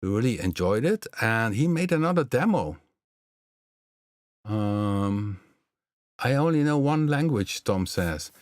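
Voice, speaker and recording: Dutch-accented guy hosting a live stream, chatty and rambly, lots of ums, fairly low voice, dry sound. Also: big pitch swings, slow, pauses often, dry recording. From southern Netherlands (Limburg). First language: Limburgish. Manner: rambling and chatty, with many fillers. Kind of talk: casual live stream chat.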